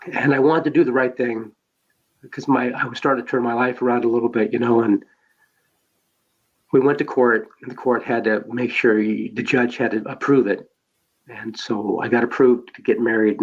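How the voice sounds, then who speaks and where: A man's voice: mid-range voice, steady tone, moderate pace. A man telling his own life story as a podcast guest, rambling with many fillers and restarts. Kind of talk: personal life story told in conversation. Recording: dull lo-fi sound.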